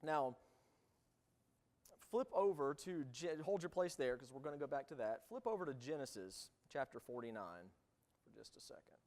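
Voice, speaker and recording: A man of middle pitch leads a church Bible class, reading passages aloud before talking them through in a relaxed, halting way. His voice carries a long reverb from the hall he is in. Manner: reads scripture aloud, then explains in loose, halting asides. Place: church room.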